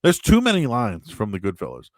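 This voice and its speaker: A man hosting a show, chatting casually and answering viewer questions in a rambling, animated way with sudden loud, high bursts. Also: fairly quick, dry recording. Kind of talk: casual live-stream chat.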